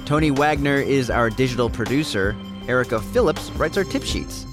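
A man hosting a kids' money podcast in a playful, lively way. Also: medium pitch, moderate pace. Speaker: podcast host. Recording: music bed underneath.

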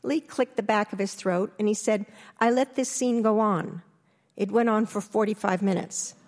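Animated older woman telling stories. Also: normal speed, big-room sound. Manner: animated, restarts, acts out quotes with rising pitch. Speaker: interview guest. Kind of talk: candid storytelling in an interview.

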